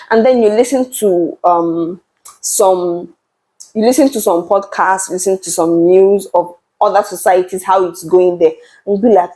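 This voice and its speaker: A young woman gives an earnest monologue to camera. Her voice sits mid-height and mellow, with no sharp edge. She speaks with passion and emphasis, often circling back over the same words as she drives her argument. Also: medium pitch, low-quality recording. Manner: passionate, emphatic, repeats words while building a point. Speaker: channel host. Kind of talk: earnest talk-to-camera commentary.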